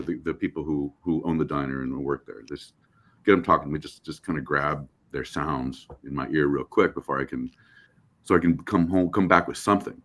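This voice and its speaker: A middle-aged American man, an actor guest, telling animated stories in a casual interview and acting out quotes with many restarts. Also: extremely low pitch. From United States.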